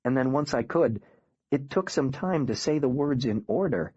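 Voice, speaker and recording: A man reading a first-person audiobook in a quiet, grave, measured way. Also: mid-range voice, dry recording, dull audio. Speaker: audiobook narrator.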